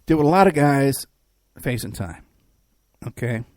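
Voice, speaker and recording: A man's voice: medium pitch, expressive, measured pace, darkish tone, no echo. A man hosting a podcast who also works as a private investigator. He talks in a rambling, sarcastic way, with many fillers and restarts. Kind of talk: casual mocking commentary.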